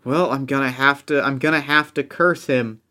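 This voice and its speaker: A man's voice: mid-range voice, fairly even intonation, normal speed, heavy background noise. A man playing a tabletop role-playing game, talking hesitantly with many fillers and restarts. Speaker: player. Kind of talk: tabletop role-play chat.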